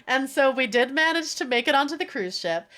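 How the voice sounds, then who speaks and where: A woman with a high voice tells a story on her stream, swearing freely and sounding fed up. She talks casually and with animation. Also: fairly quick. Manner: profane, exasperated, animated storytelling.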